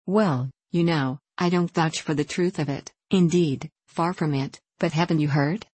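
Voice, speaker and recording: A woman reading the part of a sly, wheedling young woman in an audiobook, with a soft, insinuating delivery. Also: sits low, a little slow, husky, no room sound. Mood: plaintive.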